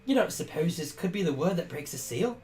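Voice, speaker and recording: A woman's voice: lowish voice, lively intonation, fairly quick, darkish tone, lightly acted. A woman voicing a prim male scholar in a put-on British accent, reading game dialogue aloud in a formal, theatrical way. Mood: prim, eager.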